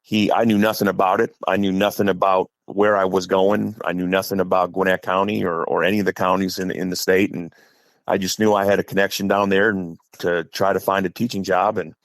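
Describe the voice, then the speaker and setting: Gravelly low-voiced Midwestern-raised man. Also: level tone, fairly quick, dry recording. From Wisconsin. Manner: talkative, acts out quotes in stories. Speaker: high school head football coach, podcast guest. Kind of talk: casual storytelling.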